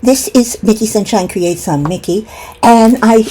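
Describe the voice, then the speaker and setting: A woman's voice: fairly high pitch, unhurried, mellow, slight background noise, poor audio. A middle-aged woman vlogging casually at home, giggling often and rambling while she eats breakfast. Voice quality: giggly, laughs between words. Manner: rambling, talks with mouth full over breakfast. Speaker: craft vlogger. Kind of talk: casual chat.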